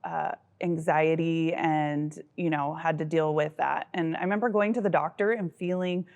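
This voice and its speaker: A woman's voice: deep voice, steady tone, normal speed, creaky, muffled recording. A middle-aged woman co-hosting a podcast with her daughter, telling stories affectionately with frequent laughter. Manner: warm, laughing, affectionate storyteller. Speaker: podcast co-host, mother. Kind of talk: casual chat.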